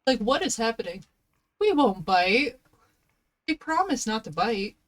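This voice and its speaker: A woman streams a game live through a headset, her voice on the high side and very animated, yet unhurried. She chats playfully with viewers and coos at her dog.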